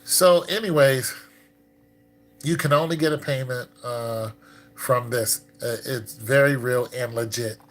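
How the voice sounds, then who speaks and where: Speaking at a measured pace in a mid-range voice, a man livestreams himself commenting on scam messages. His talk is relaxed and packed with fillers, and he turns loud and excited while chatting with his audience.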